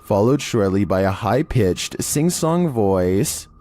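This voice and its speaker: A man hosting and narrating a scripted countdown in a steady monotone delivery. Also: on the low side, takes it slowly, a little hiss or hum. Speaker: host and narrator.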